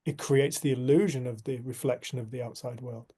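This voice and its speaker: A man leading a community group, speaking in a reflective spiritual talk and telling a story in an earnest, unhurried way. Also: mid-range voice, fairly even intonation, dark tone, breathy edge.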